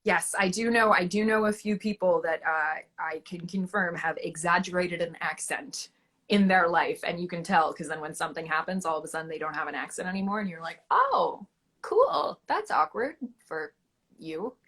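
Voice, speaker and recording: Young Canadian woman, actress guest, lowish husky voice, bright, very lively pitch, playful. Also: a little fast. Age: young adult. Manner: playful, expressive, plays with voices. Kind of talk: casual chat.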